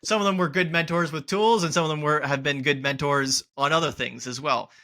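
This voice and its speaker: A man's voice: a little high, steady tone, brisk, bright, forceful tone. A man hosting a podcast interview, talking in an emphatic way and repeating key points for stress. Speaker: podcast host. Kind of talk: conversational interview.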